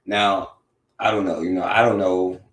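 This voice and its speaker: Man, radio host, rambling commentary, filler phrases, profane, low voice, echoey room. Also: steady tone, moderate pace, fairly bright tone. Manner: mocking and profane. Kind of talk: casual commentary over a played clip.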